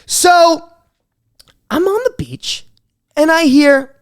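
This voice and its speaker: A woman in her twenties hosting a podcast, telling a comic story in an animated, swearing way with stammered restarts. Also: extremely high pitch, takes it slowly. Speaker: podcast host. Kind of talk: comedic storytelling monologue.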